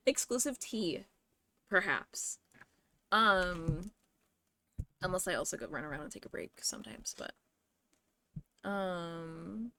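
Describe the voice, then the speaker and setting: A woman's voice: mid-range voice, unhurried, long pauses, pushed and bright, slight background noise. A young woman streamer chatting casually and rambling while she plays a game. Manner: chatty, bubbly, slangy, rambling with fillers. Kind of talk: casual live-stream chat while gaming.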